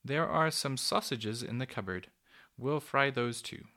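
A man voicing a kindly, lonely old female cuckoo in a storybook, with a soft, cooing, fussy, genteel manner. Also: mid-range voice, expressive, measured pace. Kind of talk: storybook reading.

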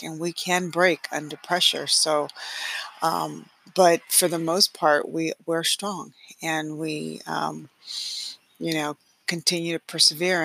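A woman's voice: deep voice, vocal fry, sharp tone, no echo. A middle-aged woman hosting her own podcast, telling a personal story in a chatty way, with frequent laughs and restarts. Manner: chatty, many fillers and restarts, laughs often. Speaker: podcast host.

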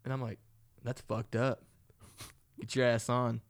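A man's voice: mid-range voice, little pitch movement, a little slow. A young man telling a rambling story in casual chat, swearing often and laughing along.

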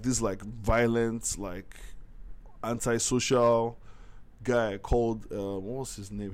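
Guy, podcast host, spins anecdotes with loud laughs and slang, medium voice. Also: mid-range voice. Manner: animated, laughs often, lots of slang. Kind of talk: casual storytelling chat.

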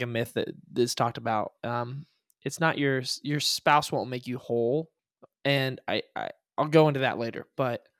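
A man co-hosting a marriage podcast, speaking earnestly and haltingly, often repeating himself. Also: mid-range voice, a bit bright, smooth, no echo, clean studio sound. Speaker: podcast co-host. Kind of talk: casual chat.

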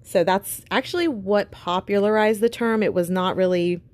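A woman's voice: mid-range voice, moderate pace, darkish tone, no room sound. A woman co-hosting a podcast, chatting casually and playfully with frequent laughs. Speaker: podcast co-host. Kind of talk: casual chat.

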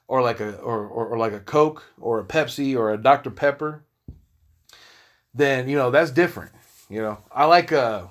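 A man talking casually to his viewers in a rambling, profane, laid-back monologue. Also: on the high side. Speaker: vlogger.

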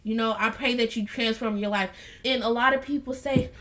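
A woman hosting a casual Bible study podcast, talking earnestly and preachily to her listeners and calling them y'all, then reading scripture aloud slowly and softly. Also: on the high side, fairly even intonation. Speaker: podcast host.

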